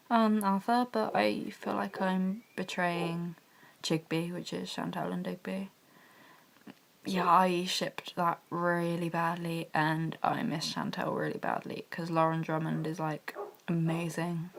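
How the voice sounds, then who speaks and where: A young woman gushing about a TV drama in a rambling, chatty fan vlog, talking quietly from her bedroom. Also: fairly low pitch, creaky. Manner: speaking quietly. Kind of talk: casual TV review vlog. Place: bedroom at home.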